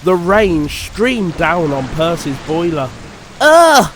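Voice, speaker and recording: A man reading a children's train story aloud in a slow, measured way. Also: fairly high pitch, fairly bright tone, slight background noise, rough recording. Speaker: narrator. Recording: narration over background music.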